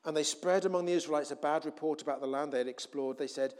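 A man preaching a sermon, telling a scripture story with animated acted-out voices. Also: mid-range voice, fast. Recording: long hall reverb.

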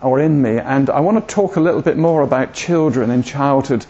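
A man's voice: medium pitch, a little fast, mellow, slightly rough. Older man, rambling preacher. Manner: rambling, hesitant, self-deprecating humour. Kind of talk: informal sermon talk. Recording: dull lo-fi recording.

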